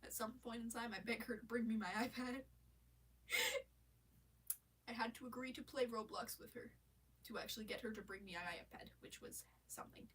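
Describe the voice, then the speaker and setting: A woman's voice: a little high, moderate pace, long pauses, a bit bright, slightly rough, distant mic. A woman with a stuffy nose on a casual live stream, rambling about her day and swearing, with lots of restarts, sitting in her bedroom.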